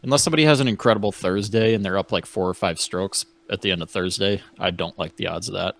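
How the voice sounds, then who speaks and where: A man weighing in on a casual sports betting chat in a measured, skeptical way. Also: deep voice, vocal fry, a bit bright.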